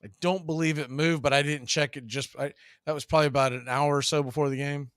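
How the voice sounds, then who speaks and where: Male stream host calling play-by-play; relaxed, chatty, slightly high, dry recording. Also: fast, smooth, no echo. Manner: relaxed, chatty, drifting into betting talk. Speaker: play-by-play announcer and show host. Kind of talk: casual baseball play-by-play.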